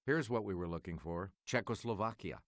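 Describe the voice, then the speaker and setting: A man hosting a game show, reading quiz clues in a measured, formal manner. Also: low voice, slight background noise.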